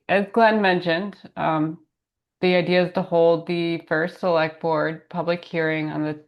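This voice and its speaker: Groggy low-voiced woman on a call. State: groggy voice from illness. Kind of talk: meeting update over remote call. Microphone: video call.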